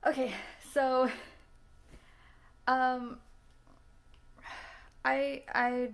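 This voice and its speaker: A woman's voice: high voice, little pitch movement, very slow, vocal fry, clean tone. A woman in her twenties chatting casually about movies she just watched, rambling, laughing often and restarting her sentences. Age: 20s. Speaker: vlogger reacting to films.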